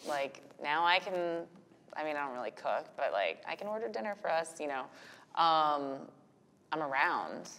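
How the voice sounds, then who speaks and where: Low-pitched woman guest, blunt and profane, lively storyteller; long room reverb. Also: normal speed. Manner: frank, profane, animated storytelling. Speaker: podcast guest, business owner and mother. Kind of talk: candid casual interview talk.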